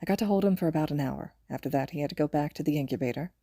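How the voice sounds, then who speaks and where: A woman voicing a tender young father who speaks softly and haltingly, in a podfic reading. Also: low-pitched, no room sound, studio quality. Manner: soft-spoken, halting, affectionate.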